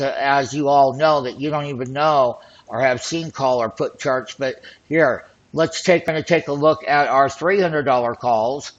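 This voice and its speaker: A man hosting an options trading show, talking excitedly and boastfully as he walks through call and put charts. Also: mid-range voice, measured pace, dull audio. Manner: excited, boastful, hype-driven patter. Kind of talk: screen-share trading commentary.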